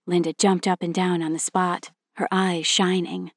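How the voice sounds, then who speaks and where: Woman, storybook narrator, steady reading, dry sound. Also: on the low side, normal speed, no echo.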